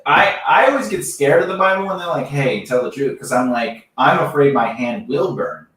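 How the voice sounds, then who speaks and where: A man's voice: on the high side, normal speed, fairly bright tone. A man co-hosting a podcast, joking around casually, laughing often and acting out quoted voices. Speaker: podcast co-host. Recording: echoey room, distant mic.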